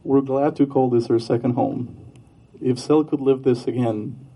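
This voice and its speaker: Husky man giving a memorial speech. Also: mid-range voice, steady tone. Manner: halting, with fillers and soft laughs. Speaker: memorial speaker, boyfriend. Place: Iowa.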